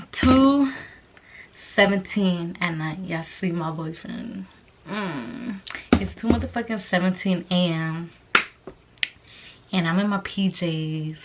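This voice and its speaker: A woman's voice: on the low side, a little hiss or hum. A young woman telling a storytime vlog at home late at night, in a profane, exclamatory way. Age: young adult. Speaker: vlogger.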